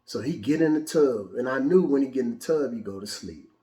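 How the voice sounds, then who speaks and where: A male host telling a personal story in an animated, casual, profane way, with frequent restarts. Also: mid-range voice, a little fast, reverberant. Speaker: show host.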